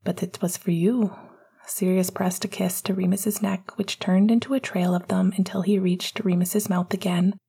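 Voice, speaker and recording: A woman reading a romance chapter aloud in a hushed, intimate whisper. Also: mid-range voice, level tone, normal speed, vocal fry, hardly any pauses, breathy edge. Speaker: audiobook narrator. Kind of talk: whispered narration.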